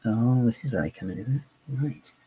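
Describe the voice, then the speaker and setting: A man's voice: medium pitch, fairly quick, warm tone, breathy edge, poor audio. A man chatting live while building, rambling, giggly and self-mocking. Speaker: live-streaming LEGO builder.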